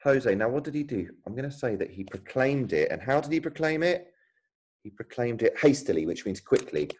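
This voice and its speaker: A man's voice: mid-range voice, animated, brisk, a little mellow, husky, low-quality recording. A man, a primary school teacher thinking aloud and explaining as he types a writing lesson for children.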